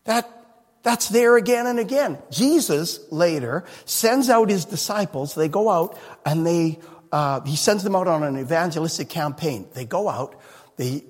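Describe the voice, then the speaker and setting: A man preaching a sermon as a pastor, animated and humorous, often laughing. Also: high-pitched, husky. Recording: long reverb in a hall.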